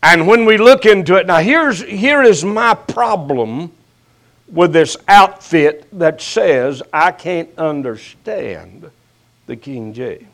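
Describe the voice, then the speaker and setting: An older man preaching a sermon as pastor, his voice rising sharply and then dropping to a hush, with folksy, teasing jabs at his listeners. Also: fairly high pitch, lively intonation. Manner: slow preaching with sharp rises and hushed drops.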